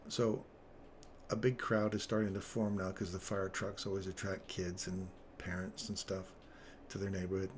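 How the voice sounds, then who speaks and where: A man's voice: sits low, little pitch movement, moderate pace, slight background noise. A man telling a rambling story on a live trading stream, chuckling between phrases.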